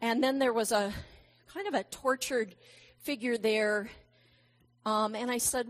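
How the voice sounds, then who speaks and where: Middle-aged woman giving a sermon, kinda high voice, slow and gentle, tells little stories. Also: steady tone. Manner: gentle, reflective, with warm storytelling asides. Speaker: preacher.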